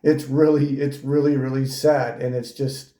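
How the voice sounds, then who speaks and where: A man's voice: medium pitch, little pitch movement, moderate pace, warm tone, echoey room. A man giving mocking reaction commentary, sneering and ridiculing someone as he talks. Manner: sneering, ridiculing, with frequent laughs.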